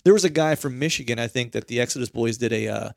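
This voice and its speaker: A man's voice: medium pitch, quick pace, vocal fry, no echo, studio quality. A man in casual conversation, talking in a laid-back, rambling way and laughing often. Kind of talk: casual chat.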